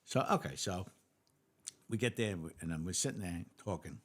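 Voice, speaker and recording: An older man, a retired police lieutenant telling animated stories as an interview guest and acting out the dialogue. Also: sits low, fairly quick, breathy edge. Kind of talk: casual storytelling interview.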